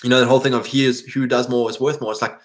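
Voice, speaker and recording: Male host, faith-driven motivational talk, earnest and rambling, voice a bit strained, average pitch. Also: flat delivery, very fast. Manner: earnest, rambling, many restarts and fillers. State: voice strained, coughing and clearing throat.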